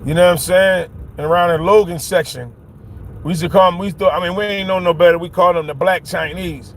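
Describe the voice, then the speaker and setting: A man's voice: high voice, steady tone, fast talker. Rambling, emphatic man on a livestream. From Philadelphia. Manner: rambling, emphatic, keeps asking "you know what I'm saying". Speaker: livestream host. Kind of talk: casual livestream monologue. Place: outdoors, walking home on a street. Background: faint traffic.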